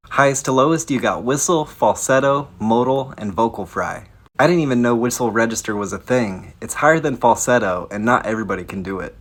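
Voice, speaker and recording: A man speaking with vocal fry in a blunt, casual educational explainer, swearing now and then. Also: mid-range voice, lively intonation, fairly quick, a bit bright. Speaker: science video creator.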